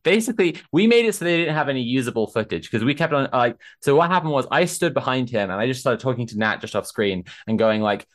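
Brief: young man, mid pitch, rambling casual storyteller, swears freely. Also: quick pace, few pauses. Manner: animated, swearing, lots of fillers.

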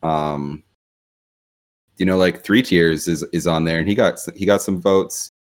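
Very low-voiced man hosting a casual chat. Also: fairly even intonation, measured pace. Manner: loose, rambling, full of fillers. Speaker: podcast host.

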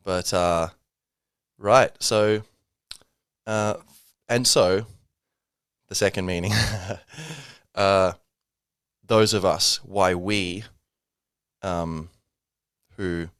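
A man's voice: low-pitched, very slow, long pauses, fairly bright tone, clean tone, dry recording, clean studio sound. A man hosting a casual solo podcast, rambling with many fillers and self-corrections. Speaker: podcast host.

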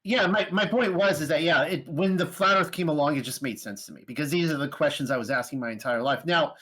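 A man hosting an interview podcast, telling stories in a rambling, animated way with lots of fillers. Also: a little high, quick pace, slightly rough. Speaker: podcast host. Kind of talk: casual conversational interview.

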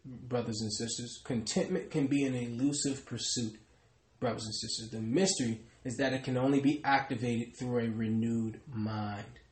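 A man's voice: medium pitch, steady tone, moderate pace. Preaching man in an echoey room. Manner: emphatic, repeatedly addresses the congregation. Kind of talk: sermon.

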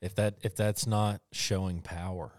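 A man's voice: low-pitched, little pitch movement, measured pace, a little mellow, no room sound, studio quality. A man co-hosting a casual faith talk, rambling and hesitant.

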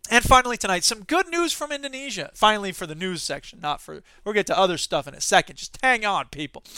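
A man's voice: sits high, bright, forceful tone, clear, resonant tone, no room sound, studio quality. A male host reading news stories and breaking in with sarcastic comic asides. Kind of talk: comedic news commentary.

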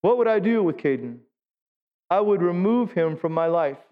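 Speaking at normal speed with lively intonation, this man has a high voice and is preaching a sermon in a church sanctuary. He talks with the congregation and asks them questions. The audio is lo-fi and dull, with a long reverb from the hall.

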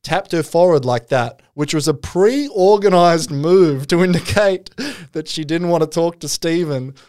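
A man's voice: on the high side, measured pace, darkish tone, clean tone. A man casually telling a long story in a chat, rambling and full of swearing and fillers. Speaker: podcast co-host telling a story.

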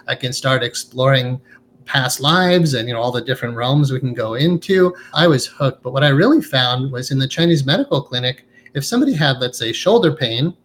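A man in a relaxed interview, speaking earnestly and reflectively about inner growth. His voice sits at an ordinary middle pitch, with a faint hiss of noise behind him. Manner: earnest, reflective, often ends with "right?". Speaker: guest, hypnotherapist. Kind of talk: conversational interview.

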